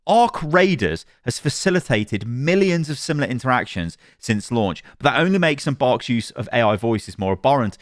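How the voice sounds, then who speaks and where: A man commenting on games, reacting to a review he reads aloud, animated and rambling, with frequent laughs and restarts. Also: mid-range voice, no echo, studio quality. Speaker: gaming commentator.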